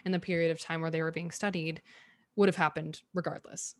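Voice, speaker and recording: Young woman calmly explaining on a podcast. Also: low voice, no echo. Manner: measured, explaining facts point by point. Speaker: podcast co-host. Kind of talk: explanatory conversational chat.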